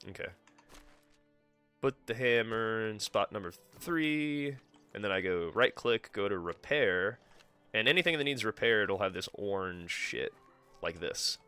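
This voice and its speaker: Bright low-voiced streamer swearing. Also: male voice, expressive, unhurried, smooth, soft background music. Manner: swears freely, talks to himself. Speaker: live streamer. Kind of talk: casual gameplay commentary.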